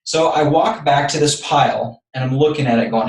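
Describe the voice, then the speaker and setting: A man's voice: mid-range voice, normal speed, a little mellow, distant mic. Man telling a story in an echoey room. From Texas. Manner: earnest, building up anecdotes step by step. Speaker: podcast guest. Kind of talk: personal storytelling.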